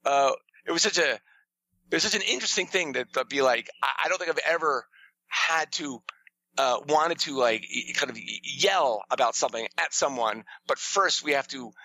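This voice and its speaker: A man, a storyteller and playwright, telling an animated backstage story in a conversational interview, acting out quotes with sudden jumps in pitch. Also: normal speed, low-quality recording.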